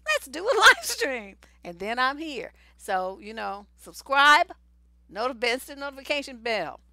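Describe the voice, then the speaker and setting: A woman's voice: fairly high pitch, bright, forceful tone, no echo. A woman giving blunt, slangy relationship advice in a casual live stream. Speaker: relationship coach.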